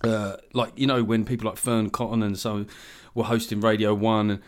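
A man's voice: on the low side, little pitch movement, moderate pace. A man in his forties, a comedian guest in casual podcast chat, wry and ranting about slang. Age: 40s. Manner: wry, ranting, mimics others in quoted voices.

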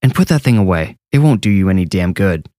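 A man's voice: deep voice, expressive, fast talker, warm tone, no room sound, studio quality. A man voicing a blunt, tough father who speaks urgently to two police officers. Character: blunt tough father protecting his daughter.

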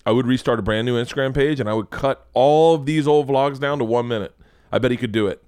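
A man hosting a casual podcast chat, rambling and swearing with excitable energy. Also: mid-range voice, fast, clean tone, no echo, studio quality. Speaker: podcast host.

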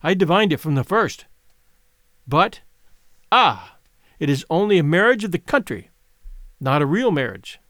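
A man's voice: on the high side, very animated, a little slow, long pauses, a bit bright, no echo, studio quality. A man voicing a pleading, passionate wealthy widow in a dramatic audiobook reading. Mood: coaxing. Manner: impassioned, pleading.

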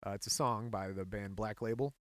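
A man's voice: lowish voice, brisk, dry recording. A young adult man co-hosting a podcast, casually telling stories and joking with his co-host. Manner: lively, playful storyteller. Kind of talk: casual chat.

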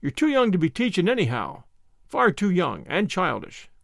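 A man's voice: sits high, huge pitch swings, normal speed, creaky, a bit bright, no echo, clean studio sound, heavily acted. A man voicing a blunt, teasing older farmer with folksy speech in a storybook reading.

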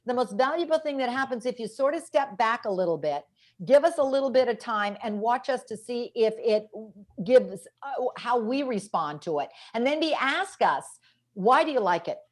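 A woman's voice: a little high, moderate pace. A woman guest talking about raising boys, telling stories and quoting the kids she interviewed. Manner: energetic storyteller quoting kids and parents. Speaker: guest author on parenting. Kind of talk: animated podcast interview.

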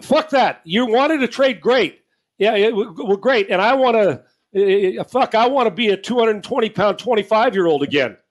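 A middle-aged man on a sports talk show with a notably high-pitched voice, ranting hard. He swears freely and plays out mock back-and-forth exchanges to make his point. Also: animated, normal speed. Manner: profane, blunt, ranting with mock dialogue. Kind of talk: heated sports talk rant.

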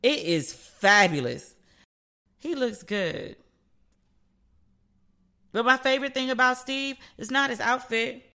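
A woman's voice: a little high, slow pace, pauses often, sharp tone. A middle-aged woman hosting a podcast, chatting playfully about celebrity news and slipping into voices to act out what people said. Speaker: podcast host. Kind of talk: casual pop-culture commentary.

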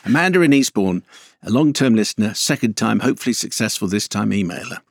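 Male film critic co-host, mid pitch, wry and grumbly with sudden upward swoops, very dry studio sound. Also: lively intonation, fast, gravelly, no echo. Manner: wry, grumbling, swoops up when making a point. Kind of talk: casual banter and reading listener emails. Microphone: studio microphone.

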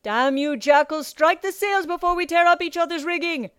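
A woman shouting as a bellowing sea captain. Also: very high-pitched, normal speed, no echo, clean studio sound, voice pushed up. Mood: bellowing orders. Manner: shouting orders with a clipped dialect. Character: bellowing male ship captain, gruff sea dog.

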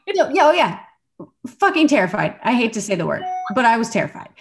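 A woman co-hosting a podcast, telling a story in a casual, animated way and acting out the quotes. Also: on the high side, a little fast, a little hiss or hum. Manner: animated, laughing storyteller who acts out quotes. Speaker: podcast co-host.

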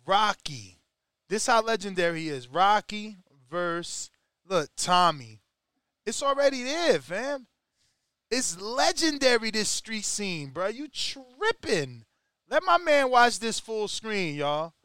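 High, animated man on a podcast. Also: takes it slowly, clean tone, no echo, studio quality. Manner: animated, profane, slang-heavy, joking. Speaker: podcast host. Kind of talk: casual podcast chat.

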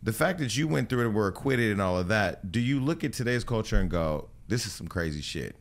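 Fast, low-voiced male podcast host. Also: lively intonation. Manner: joking, provocative, swears casually. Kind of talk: casual podcast chat.

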